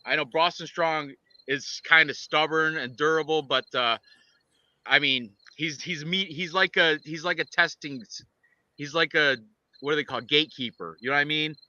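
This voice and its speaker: Bright-voiced man rambling about fights. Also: a little high, moderate pace, highs cut off. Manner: rambling, excitable, lots of restarts. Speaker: podcast co-host and fight picker. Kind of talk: casual fight-picks chat.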